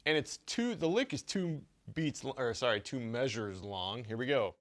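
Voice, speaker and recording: A man giving a casual drum lesson, talking in a relaxed way with many stammered restarts and small chuckles. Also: mid-range voice, moderate pace, very noisy. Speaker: drum teacher.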